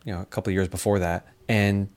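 A middle-aged man, a scientist and speaker, talking casually in an interview and telling lively stories. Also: sits low, fast. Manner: animated storyteller, acts out quotes, laughs often.

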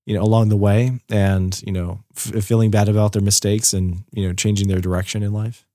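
A man's voice: on the low side, flat delivery, a little fast, mellow, dry recording, clean studio sound. A man co-hosting a casual show review chat, explaining his views at length with a lot of "so" and "you know".

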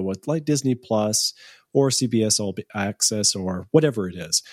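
A man's voice: fairly low pitch, darkish tone, dry recording, studio quality. A man co-hosting a casual show recap, talking through the plot in long, run-on sentences.

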